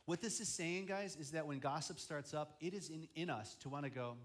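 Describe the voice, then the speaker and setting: A man's voice: on the high side, normal speed. A young man preaching as a student ministry pastor, chatty, often acting out quoted voices. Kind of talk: youth sermon.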